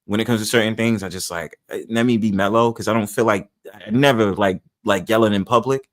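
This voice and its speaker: A man's voice: on the low side, fairly quick. Blunt, opinionated New man. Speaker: livestream host. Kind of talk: casual livestream talk.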